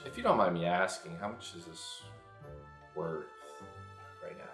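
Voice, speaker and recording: A young man telling a casual, profane dream story, jumping into loud high-pitched impressions. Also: lively intonation, normal speed, long pauses. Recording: echoey room with faint music.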